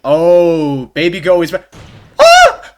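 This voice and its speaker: Male streamer, higher-pitched, gushing and giggly; faint game music under the voice. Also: normal speed. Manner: excitable, gushing, laughs often. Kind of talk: casual gameplay commentary.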